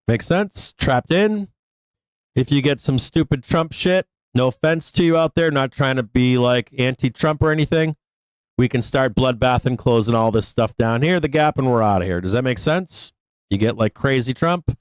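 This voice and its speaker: A man hosts a live stock market stream, talking through charts in a casual, rambling way full of fillers and swearing. His voice is smooth and clear at a middle pitch. The sound is close and dry. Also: animated, dry recording, low-quality recording. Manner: rambling, profane, fast bursts with many fillers. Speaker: stock market show host. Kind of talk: casual live trading commentary.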